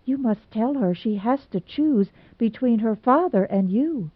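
A woman voicing a level-headed young woman teacher, giving advice in a brisk, cool, sensible way. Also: a little high, lively intonation, slightly rough, dry recording, pitched above the performer's own voice. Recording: tinny phone-like sound, dry.

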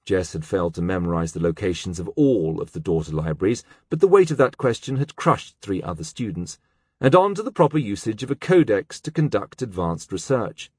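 A man narrating a novel as an audiobook, in an expressive, measured storytelling manner. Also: lowish voice, husky, no room sound, clean studio sound. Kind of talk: scripted narration.

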